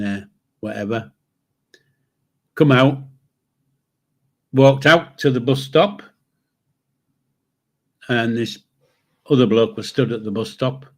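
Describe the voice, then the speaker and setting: A man, telling a rambling, salty anecdote on his live stream. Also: medium pitch. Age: 60s. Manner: chatty, swears freely, chuckles through his stories.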